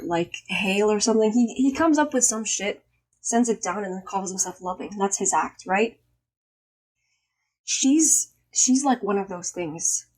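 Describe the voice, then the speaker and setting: Emphatic, hoarse young woman vlogger. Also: medium pitch. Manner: emphatic, swearing, animated storytelling. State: slightly hoarse after illness. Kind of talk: casual storytelling vlog.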